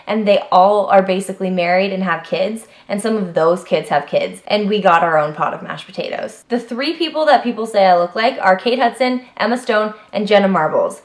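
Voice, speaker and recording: A young woman vlogging to her camera, reeling off facts about herself in a chatty, animated way, full of "like" and quick jumps in pitch when she gets emphatic. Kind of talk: casual to-camera list of personal facts.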